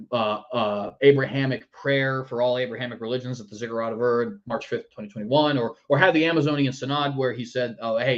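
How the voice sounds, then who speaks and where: A man's voice: a little high, dull audio. A man hosting a political commentary show in a sarcastic, mocking manner. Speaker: news commentary host.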